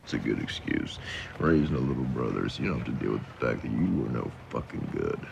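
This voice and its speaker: An actor playing a bitter, gravel-voiced older brother in a film. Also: male voice, extremely low pitch, expressive, quick pace, highs cut off, over music, heavily acted. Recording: film clip with noise.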